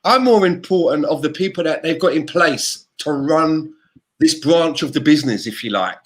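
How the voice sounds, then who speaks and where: Brit co-host, slightly high voice, heated and sweary, casual podcast rant. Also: male voice, expressive, normal speed.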